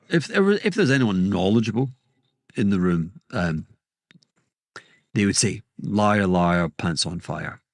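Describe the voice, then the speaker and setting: A man's voice: lowish voice, no room sound, studio quality. A man with a Scottish accent hosting a casual monologue, rambling and interrupting himself, with sudden emphatic outbursts. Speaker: podcast host.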